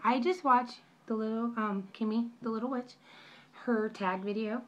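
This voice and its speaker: A woman's voice: a little high, steady tone, moderate pace, a bit bright, lo-fi sound. A young woman telling a story in a casual vlog, rambling and apologetic with many restarts, recorded on her phone at home. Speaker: vlogger.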